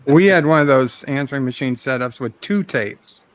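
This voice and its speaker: A man's voice: mid-range voice, moderate pace, no room sound. A man joining a live movie commentary with dry, matter-of-fact remarks.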